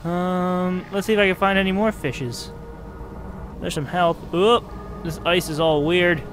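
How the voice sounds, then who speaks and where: A man commentating his playthrough of a game, excitable, swinging from muttering to yelling. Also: high voice, unhurried, slight background noise. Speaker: gaming video host. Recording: music from the game behind the voice.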